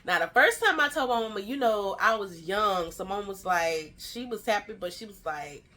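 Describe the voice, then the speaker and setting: A woman in her thirties telling a chatty, animated storytime to her vlog viewers. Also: mid-range voice, moderate pace. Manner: animated storytelling, acts out quoted family lines; chatty and slangy, fillers like "child" and "y'all". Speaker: vlogger.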